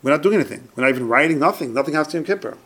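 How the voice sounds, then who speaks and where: Lively, gravelly man teaching a Torah class. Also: fairly high pitch, racing. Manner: emphatic, repeats points, asks and answers his own questions.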